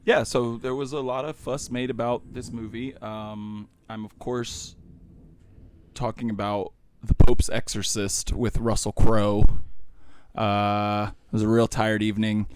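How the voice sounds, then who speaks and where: A man's voice: fairly low pitch, level tone, a little slow, smooth. A man co-hosting a film podcast in loose, jokey casual chat, laughing often. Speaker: podcast co-host.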